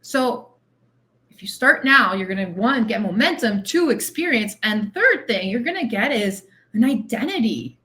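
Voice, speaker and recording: A woman's voice: sits high, fairly bright tone. A woman weight loss coach giving a direct, tough-love motivational monologue on her podcast, repeating phrases for emphasis.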